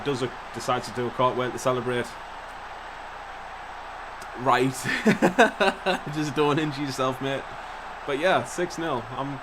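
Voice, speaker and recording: A young man giving casual, excitable play-by-play commentary on a football management game, swearing now and then. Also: medium pitch, unhurried, noisy background. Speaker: gaming YouTuber.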